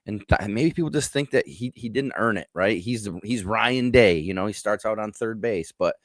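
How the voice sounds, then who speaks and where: A man's voice: lowish voice, normal speed, dry recording, studio quality. A man from Michigan's Upper Peninsula with a Yooper accent, giving frank, opinionated takes as a guest in casual sports talk. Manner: opinionated, frank, stammering restarts.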